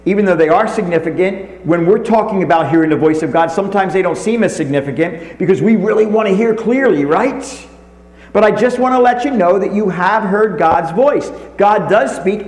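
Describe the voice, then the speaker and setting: A man preaching a sermon as pastor, calling out to his congregation and slowing down to stress key words. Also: sits high, lively intonation, a little mellow, reverberant, poor audio. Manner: preaching, calls to the congregation, slows for emphasis. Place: recorded away from the live congregation.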